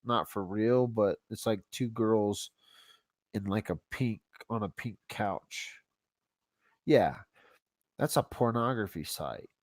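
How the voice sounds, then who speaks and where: A man's voice: fairly low pitch, slow, long pauses, dry recording. A man hosting a casual livestream, rambling and laid-back as he talks to himself while browsing. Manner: casual slang, says y'all. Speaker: YouTube channel host.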